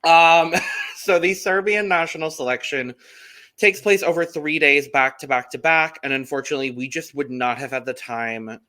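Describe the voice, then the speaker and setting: A man's voice: on the high side, normal speed, pushed and bright. A man co-hosting a casual podcast, chatty and upbeat, with frequent ums. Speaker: podcast co-host.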